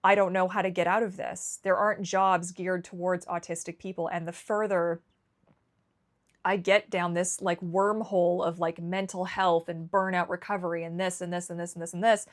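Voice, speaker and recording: A woman's voice: on the low side, little pitch movement, normal speed. A Canadian woman vlogging candidly, emotional and rambling, often restarting her sentences. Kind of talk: candid personal vlog.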